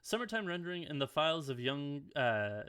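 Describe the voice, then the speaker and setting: A man's voice: on the high side, very animated, fairly quick, pushed and bright, smooth. A man co-hosting a casual podcast, reading anime news headlines from home and dropping blunt, swearing asides between items. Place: home, dog at his chair.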